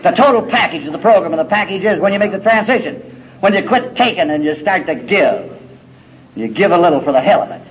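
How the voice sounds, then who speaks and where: A man's voice: high voice, expressive, quick pace. A middle-aged man speaking at a recovery meeting, telling his story in a folksy, salty way with wry humor. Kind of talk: personal testimony talk. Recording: dull lo-fi recording with faint hiss.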